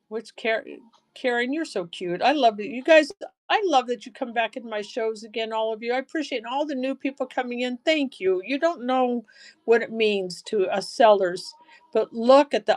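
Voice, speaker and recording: A woman hosting a live-stream jewelry auction, chatty and excitable, gushing over each piece. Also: a little high, moderate pace, soft background music. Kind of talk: live auction selling chat.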